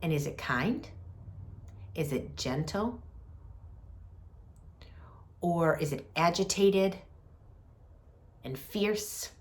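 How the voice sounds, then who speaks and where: A woman hosting a reflective talk on compassion, speaking softly and deliberately with gentle pauses. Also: fairly low pitch. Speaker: host.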